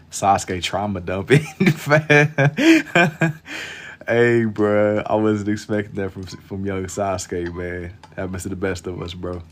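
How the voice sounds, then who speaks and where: Low-voiced laid-back young man streaming. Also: a little hiss or hum. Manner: laid-back, slangy, kept quiet for late night. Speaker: live-stream artist. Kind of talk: casual chat with viewers while drawing.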